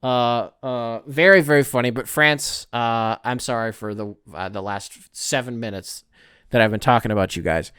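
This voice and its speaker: A man's voice: medium pitch, normal speed, a bit bright, clear, resonant tone, no echo, clean studio sound. A man hosting his own podcast, talking alone in a rambling, profane, tongue-in-cheek way. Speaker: podcast host. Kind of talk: casual solo commentary.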